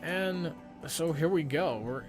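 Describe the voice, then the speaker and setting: A man's voice: on the high side, expressive, slow. A young man giving casual gameplay commentary, rambling and acting out his own inner thoughts as he plays. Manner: rambling, self-narrating with quoted inner thoughts. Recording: background game music.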